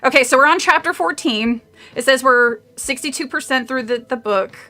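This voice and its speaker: A woman with a high-pitched, pushed, bright voice streams herself reading a horror novel aloud at a moderate pace. She chats casually, wanders off on tangents, and laughs often, while faint movie audio plays in the background.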